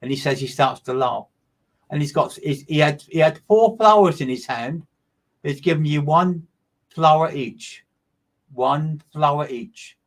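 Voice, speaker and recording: Man, somewhat high voice, medium, live streamed reading, emphatic, repetitive, greets listeners by name. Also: normal speed.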